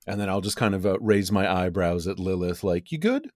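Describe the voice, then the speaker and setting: A man's voice: deep voice, flat delivery, brisk, a little mellow, no echo, clean studio sound. A man speaking casually as a player in a tabletop game, hesitant with fillers. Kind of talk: tabletop role-play chat.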